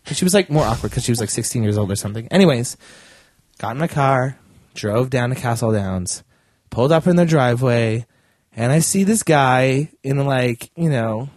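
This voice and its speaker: Animated storyteller. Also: male voice, medium pitch, moderate pace, dry recording. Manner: animated, laughing, acts out the people he quotes. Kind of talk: casual storytelling chat.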